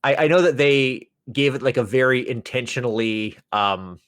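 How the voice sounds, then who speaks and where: Stammering, medium-pitched man hosting a chat. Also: moderate pace, a bit bright, clean tone, no echo, studio quality. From Canada. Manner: stammering restarts, thoughtful. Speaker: podcast host. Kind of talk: casual interview chat.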